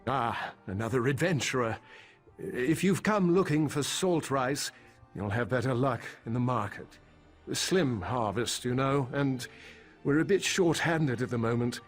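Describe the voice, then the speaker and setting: A worried, polite farmer, a put-upon husband who once worked in finance and now frets over his missing son. He speaks at an ordinary pitch over soft game music. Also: expressive, measured pace.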